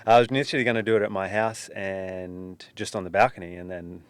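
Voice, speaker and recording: A man's voice: low voice, fairly even intonation, a little fast. Laid-back man hosting a podcast. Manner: laid-back, chatty, calls guest mate. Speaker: podcast host, personal trainer. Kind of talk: casual podcast interview. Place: small studio.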